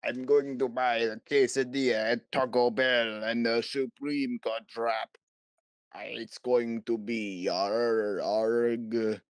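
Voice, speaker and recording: A man's voice: medium pitch, steady tone, clear, resonant tone, dry recording, lightly acted. A man doing a goofy pirate man. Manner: goofy, drawn-out growls. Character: silly male pirate man, fast-food lover.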